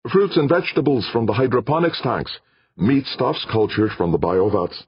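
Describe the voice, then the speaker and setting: A man's voice: mid-range voice, animated, normal speed, slightly rough, no echo, dull audio, pitched above the performer's own voice. A man voicing a proud, hearty male roboticist who speaks eagerly and emphatically.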